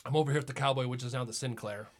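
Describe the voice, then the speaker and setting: A man's voice: medium pitch, fairly even intonation, racing. A middle-aged man hosting a podcast, telling a rambling story with lots of laughs and "it's like.". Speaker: podcast host. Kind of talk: casual storytelling chat.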